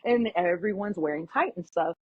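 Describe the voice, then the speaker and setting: Woman guest, husky and fairly high, animated storyteller; dry, dull podcast sound. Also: moderate pace, dry recording. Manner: animated, acts out quoted voices, lots of "like". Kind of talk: casual storytelling chat.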